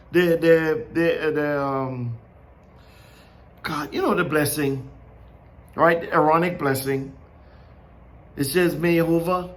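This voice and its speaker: High bright-voiced man preaching slow and casual, lots of questions. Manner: conversational, asks many questions, laughs often. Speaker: Bible teacher. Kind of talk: informal sermon.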